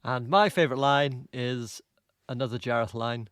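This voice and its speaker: A man's voice: medium pitch, moderate pace, a bit bright, dry recording. Dry-voiced man asking the panel questions. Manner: dry, mock-formal questioning. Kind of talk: casual film chat.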